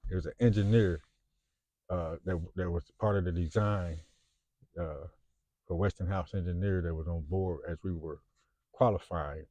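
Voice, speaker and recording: Low-voiced man in his 50s with a Chicago accent. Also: steady tone, moderate pace, long pauses, warm tone, muffled recording. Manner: rambling, frequent fillers and restarts. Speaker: vlogger. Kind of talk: casual rambling monologue.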